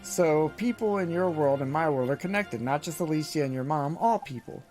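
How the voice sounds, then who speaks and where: Polite boy hero, a man putting him on, earnest and higher-pitched, over faint game music. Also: moderate pace, darkish tone, close to an everyday voice. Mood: puzzled. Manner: earnest, puzzled questions. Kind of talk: reading game dialogue aloud.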